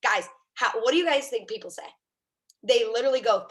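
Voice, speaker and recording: A woman's voice: a little high, brisk, a bit bright. A woman coaching her sales team on a video call, upbeat and chatty, with lots of "like" and "right?".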